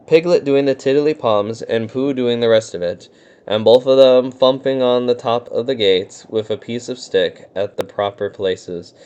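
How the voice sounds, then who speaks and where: A man gently reading a bedtime storybook aloud as the narrator, in a soothing manner. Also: mid-range voice, clean tone.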